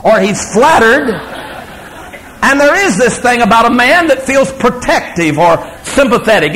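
A man preaching a sermon, emphatic and storytelling, swinging between loud declarations and hushed asides. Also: sits high, lively intonation, a little slow, some chatter behind, slight background noise, poor audio.

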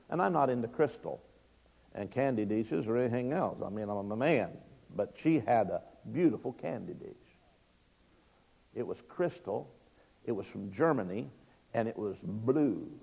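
A male preacher with a mellow, gravelly voice delivers a folksy sermon. His voice climbs and presses on the key points. The sound carries a long reverb, as from a large sanctuary. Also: fairly low pitch, lively intonation, normal speed. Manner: folksy, illustrative preaching with emphatic rises.

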